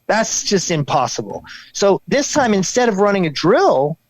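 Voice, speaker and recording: A man talking as a guest on a podcast, telling stories in a rambling, animated way and acting out the sounds and quotes in them. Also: high voice, moderate pace, dry recording, low-quality recording. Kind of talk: casual podcast conversation.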